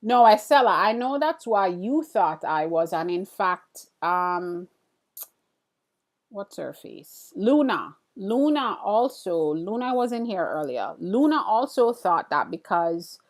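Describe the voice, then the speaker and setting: Unhurried Antiguan woman chatting with viewers. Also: medium pitch, sing-song. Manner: chatty, reacts to viewer comments, curious. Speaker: livestream host. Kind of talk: casual chat with live viewers.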